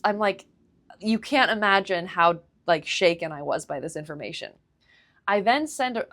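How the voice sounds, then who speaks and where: A woman speaks in a mid-range voice, recounting a personal story on her solo podcast. She is animated and acts out her own reactions. Her talk is loose and chatty, full of "like.". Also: medium pitch. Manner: heavy use of "like" fillers. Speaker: podcast host.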